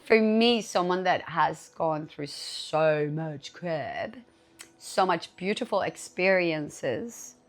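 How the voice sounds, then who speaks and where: Low, gravelly woman hosting a candid podcast. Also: takes it slowly. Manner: candid and animated, swears freely. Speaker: podcast host. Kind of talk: casual solo podcast talk.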